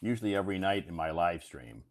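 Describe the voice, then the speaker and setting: A man's voice: sits low, big pitch swings, fast talker. A man hosting a live stream, explaining English words in a casual, repetitive, emphatic teacher's way.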